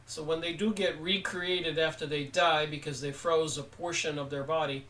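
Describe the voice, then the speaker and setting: A man giving an unhurried spoken book review, halting often with pauses as he talks. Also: a little high, steady tone, a bit bright, distant mic, low-quality recording. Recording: voice set back from the mic.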